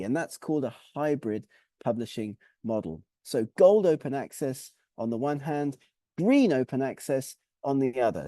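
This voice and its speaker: Male webinar presenter with a mellow tone and animated pitch, methodical and clear, dry close sound. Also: no room sound. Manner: clear, methodical explaining, with lists and recaps.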